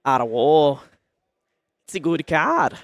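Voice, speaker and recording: A man's voice: a little high, sing-song, takes it slowly, gravelly, a bit bright, no echo, heavily acted. A man doing an impression of a tired, exasperated man with a New Zealand accent. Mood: weary.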